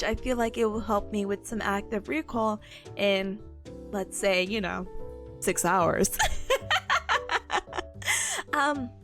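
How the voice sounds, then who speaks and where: A woman's voice: fairly high pitch, fairly bright tone. A woman in her twenties chatting on a study stream at home on a desk mic, rambling and giggling through stories. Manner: bubbly, giggly, rambling storyteller. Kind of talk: casual study stream chat.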